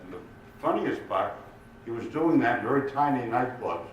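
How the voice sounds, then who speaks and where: An older man telling jokes in an unhurried, lively way to a live audience in a community room at a retirement village, recorded in an echoey room from far off. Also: medium pitch, lo-fi sound, a little hiss or hum. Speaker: amateur comedian. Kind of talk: stand-up joke telling. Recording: echoey room, mic far off, faint ambience.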